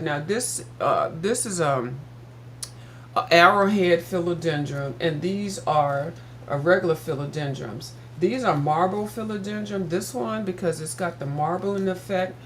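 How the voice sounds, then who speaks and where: A woman's voice: fairly low pitch, slight background noise. Chatty older woman telling a story. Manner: chatty, addresses viewers as "girl", animated when retelling. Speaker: vlogger. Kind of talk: casual storytelling chat.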